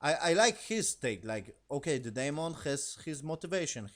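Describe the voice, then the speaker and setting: A man giving a casual spoken review of a TV episode in non-native English, rambling and profane, animated as he retells scenes. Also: on the high side, normal speed.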